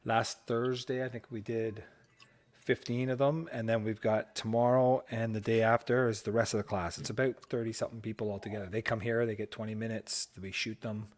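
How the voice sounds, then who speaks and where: A man's voice: fairly low pitch, level tone, brisk. Easygoing man co-hosting a chat. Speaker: co-host, studio photographer. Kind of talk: casual chat.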